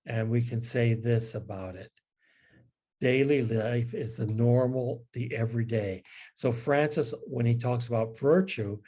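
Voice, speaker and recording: A man's voice: mid-range voice, a little mellow. A man, a priest, giving a spiritual lecture in a conversational storytelling manner. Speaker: priest teaching.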